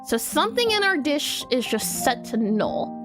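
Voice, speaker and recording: A woman's voice: sits high, sing-song, moderate pace, over music. A woman live-streaming her game coding, thinking aloud as she types, spelling words out and answering her chat in a casual, chatty way.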